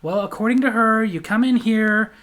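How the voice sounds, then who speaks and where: A man voicing a weary female restaurant manager who hesitantly tries to calm an angry customer, repeating "sir". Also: high voice, moderate pace. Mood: placating.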